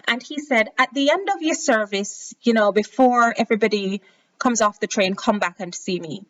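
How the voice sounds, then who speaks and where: A woman's voice: fairly high pitch, normal speed. A woman hosting a podcast, telling her own career story in a reflective way, often restarting her sentences. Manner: reflective, with frequent restarts and quoted inner thoughts. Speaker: podcast host. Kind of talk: personal storytelling monologue.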